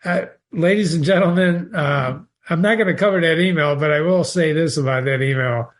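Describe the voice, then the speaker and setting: A man's voice: on the high side, moderate pace. A man talking casually through a short story as a literature teacher, answering emails from viewers, wandering into asides and reading passages aloud. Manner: conversational, digressive, with restarts and asides. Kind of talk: casual spoken literary analysis.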